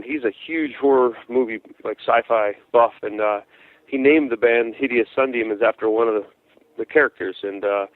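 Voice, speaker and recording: A man's voice: lowish voice, no echo. A man, a guest musician, chatting casually in an interview and telling stories with many restarts and repeated words. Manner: animated storyteller, many restarts. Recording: tinny dry phone line.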